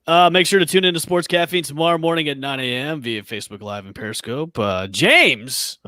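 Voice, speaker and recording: A man with a smooth radio voice, chatting and teasing on a sports podcast. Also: a little high, fairly quick, bright, forceful tone, dry recording, studio quality. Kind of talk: casual podcast chat.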